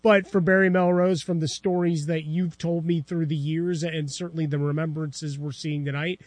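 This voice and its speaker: A man's voice: fairly high pitch, flat delivery, normal speed, a little mellow, no echo. A man co-hosting a casual sports talk show, speaking in an easygoing, conversational way. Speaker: co-host.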